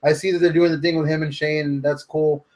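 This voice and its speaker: A man with a slightly high voice talks wrestling in a loose, rambling way. He swears often and sounds enthusiastic about the matches. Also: level tone, brisk, darkish tone. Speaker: podcast co-host. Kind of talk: casual wrestling chat.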